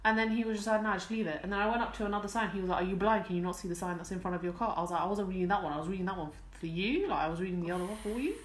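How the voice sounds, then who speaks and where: A woman's voice: mid-range voice, very fast, hardly any pauses, roomy sound. A young woman, telling a date story in casual chat, acting out both sides with laughs.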